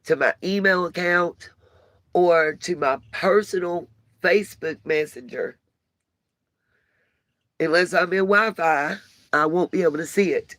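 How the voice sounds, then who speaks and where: A woman's voice: sits low, fairly bright tone, no echo. A woman hosting a casual vlog from inside a motorhome, talking into her cell phone in an earnest, rambling way with lots of fillers while she gets dressed. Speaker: channel host.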